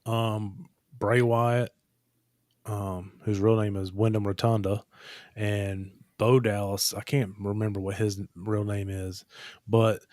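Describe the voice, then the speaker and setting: A man's voice: fairly low pitch, little pitch movement, slow, a little mellow, dry recording, studio quality. A man in his thirties co-hosting a podcast, telling loose, profane, rambling stories in casual chat. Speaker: podcast co-host.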